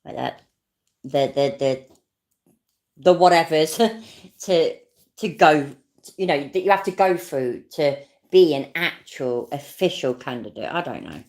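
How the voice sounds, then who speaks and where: Low, gravelly British woman commentator. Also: animated, unhurried, pauses often, a little mellow. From not American. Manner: sarcastic, rambling, swears freely. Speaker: commentator reacting to a clip. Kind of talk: casual commentary.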